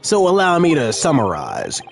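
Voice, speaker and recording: A man's voice: fairly high pitch, wildly swooping pitch, moderate pace, gravelly, soft background music, exaggerated voice. Man putting on a stern pompous old official. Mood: stern formal.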